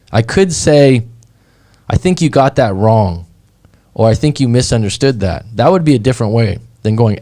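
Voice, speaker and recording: A man's voice: medium pitch, dark tone. A man, a breakup coach and show host, talking casually and bluntly in a monologue, swearing as he retells online arguments.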